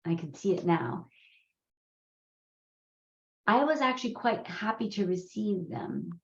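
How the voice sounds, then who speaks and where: A woman whose first language is Gujarati, hosting a parenting course in a candid, animated storytelling way with frequent laughs. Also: medium pitch, slow pace. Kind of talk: conversational course talk. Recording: roomy, slightly dull sound.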